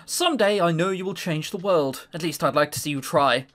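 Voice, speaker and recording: A man voicing a kind, wistful nobleman in a visual novel, speaking politely and gently. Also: on the high side, fairly quick, lightly acted. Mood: gentle.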